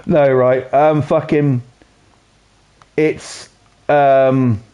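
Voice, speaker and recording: A man's voice: medium pitch, animated, unhurried, highs cut off. A man with a Norfolk accent streaming a game and telling a long, profane story in casual, rambling chat. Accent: Norfolk English.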